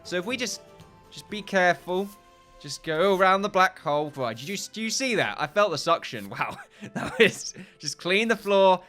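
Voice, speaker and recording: A man's voice: mid-range voice, sharp tone. A man with a British accent giving rambling, jokey and profane commentary as he plays a game. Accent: British English. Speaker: gaming video host. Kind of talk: casual gameplay commentary.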